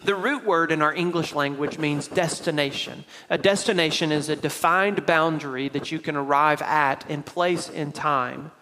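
A man's voice: fairly high pitch, normal speed, few pauses, bright, forceful tone, long reverb tail, poor audio. A man with a Tennessee accent preaching a sermon from the pulpit, explaining scripture step by step in a conversational way. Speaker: pastor. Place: church sanctuary.

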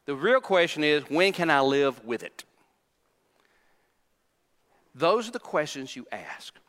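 A male pastor delivers a sermon with a high, bright voice that rings in the long reverb of a church hall. He hammers his points home through repetition and slips into the voices of the people he describes. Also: sing-song, moderate pace. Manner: preaches with emphatic repetition, acting out quoted voices.

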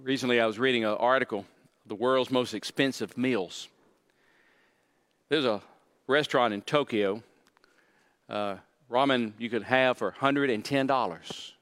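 A man's voice: medium pitch, unhurried, pauses often, fairly bright tone, clean tone, big-room sound. A male pastor giving a sermon in a conversational preaching manner, repeating key phrases for emphasis.

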